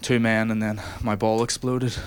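A man's voice: lowish voice, flat delivery, moderate pace. A man from Ireland, telling a stand-up story on stage in a conversational way, building to punchlines. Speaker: stand-up comedian. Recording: live venue with crowd. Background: audience laughter.

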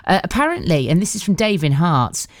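Woman radio presenter, chatty, slightly lower voice, dry close mic. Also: big pitch swings, a little fast, no room sound. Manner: chatty, laughs easily, reads listener messages. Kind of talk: casual radio chat.

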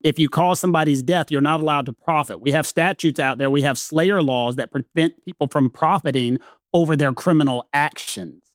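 A man with a Southern US accent, co-hosting a casual talk show and explaining law points emphatically, slowing down to stress key words. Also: a little high, no echo, studio quality. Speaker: legal podcast co-host.

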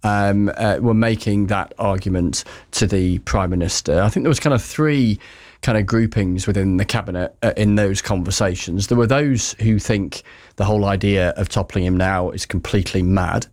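A man talks loosely and conversationally on a news podcast, his voice sitting on the low side. He fills his talk with ums and uhs, and his throat is scratchy from pollen. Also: moderate pace, darkish tone. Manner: chatty and discursive, with many fillers. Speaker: political correspondent. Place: Westminster.

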